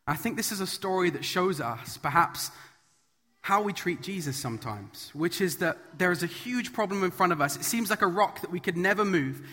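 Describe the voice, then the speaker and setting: A man's voice: high voice, animated, moderate pace, pushed and bright. A man giving a sermon as a children's message, earnest and emphatic, building his points through repetition, in a church hall. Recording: long reverb of a large hall.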